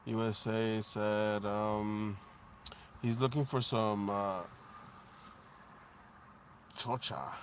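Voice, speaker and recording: A man chatting casually on a live stream, laid-back and profane, reading viewer comments aloud and laughing loudly. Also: medium pitch, slight background noise.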